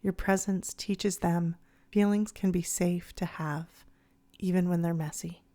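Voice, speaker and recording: A woman speaking in a soft, soothing, measured way, her voice sitting a little low. She narrates calmly, as the host of her own show. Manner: gentle, soothing, measured delivery. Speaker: podcast host. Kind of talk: calm scripted narration.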